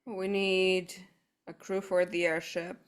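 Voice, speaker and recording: A woman's voice: fairly low pitch, flat delivery, slow, clear, resonant tone. A woman playing a tabletop role-playing game, blunt and practical in her talk. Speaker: player. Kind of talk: in-character tabletop play.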